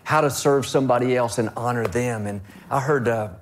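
A man's voice: medium pitch, brisk. A male host in a faith-based interview, speaking in an encouraging, preacherly way.

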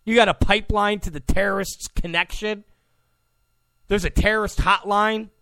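A man's voice: sits high, fairly even intonation, moderate pace, bright, forceful tone, no echo, studio quality. A male political commentator giving an opinion monologue in a mocking way, often acting out the people he quotes. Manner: mocking, acts out quoted people in put-on voices.

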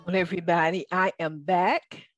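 A woman's voice: on the low side, fairly even intonation, moderate pace, no echo, highs cut off, soft background music. A woman with a Southern accent hosting a radio interview, chatty and enthusiastic. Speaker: radio show host.

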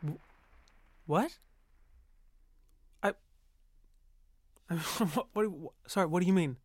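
An actor playing a flustered, earnest showrunner who narrates an audio drama and stammers through restarts. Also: male voice, sits high, slow pace, no room sound, studio quality. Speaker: TV show producer.

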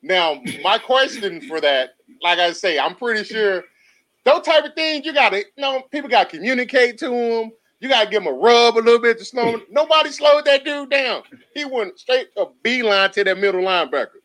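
A man co-hosting a casual football talk show in a high, lively voice that swoops up and down. His tone is bright and sharp. He talks in easy slang and breaks into laughter often. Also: brisk. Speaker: podcast co-host. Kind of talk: casual sports chat.

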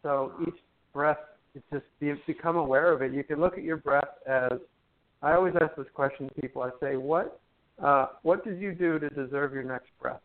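A soft-spoken man talks a listener through breath and meditation, chatty and teacherly with light jokes. His voice sits a touch high. It comes through a thin, tinny phone line. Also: moderate pace. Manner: gentle, chatty, teacherly, with many fillers and playful jokes. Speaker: guest, musician and meditation teacher. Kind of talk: guiding talk on breath and meditation.

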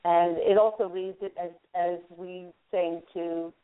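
A woman radio host giving a call-in angel card reading, gently guiding the caller through a visualization. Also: fairly low pitch, steady tone, a little slow. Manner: soothing, guiding, talks listener through a visualization. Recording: narrow phone-line sound.

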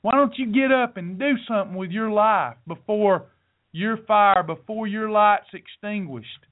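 A middle-aged man hosts his podcast like a preacher, folksy and direct with his listeners. His voice sits high for a man. The sound is thin and tinny, like a phone line. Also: unhurried. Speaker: podcast host. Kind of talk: preachy motivational talk.

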